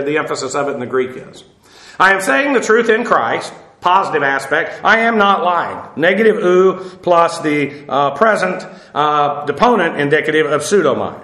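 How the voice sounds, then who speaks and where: A man with a high, bright voice teaches through a Bible passage, pausing on Greek terms and spelling them letter by letter. He talks with frequent "uh" fillers and restarts. His voice rings in an echoey room.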